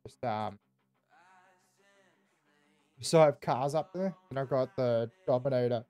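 A man's voice: medium pitch, measured pace, dark tone, highs cut off, faint music behind. Laid-back Australian man swearing constantly. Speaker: roleplay streamer. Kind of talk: casual in-character game roleplay.

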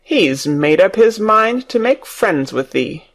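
A man's voice: high-pitched, sing-song, takes it slowly, fairly bright tone, full character voice. A man voicing a surly, blunt old male gardener in an audiobook, speaking in a rustic dialect.

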